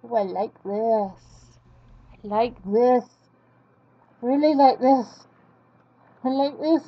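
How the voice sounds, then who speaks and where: Woman vlogger, chatty self-deprecating commentary while drawing, slightly high voice, lo-fi sound. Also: takes it slowly, husky. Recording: dull lo-fi recording.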